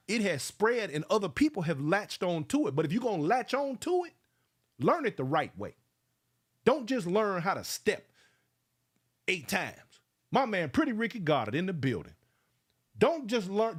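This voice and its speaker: A man of about fifty hosting a casual livestream, fired up and preachy, calling out viewers by name. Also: a little high. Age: around 50. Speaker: livestream host.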